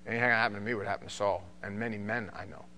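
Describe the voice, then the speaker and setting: Bright-voiced New York pastor. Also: male voice, on the low side, racing, a little hiss or hum. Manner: joking, animated, does mocking voices. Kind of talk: bible study teaching.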